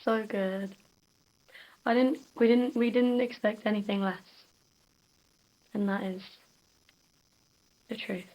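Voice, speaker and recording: A young woman chatting casually in a vlog, soft, giggly and confiding. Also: medium pitch, steady tone, takes it slowly, pauses often, low-quality recording. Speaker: vlogger.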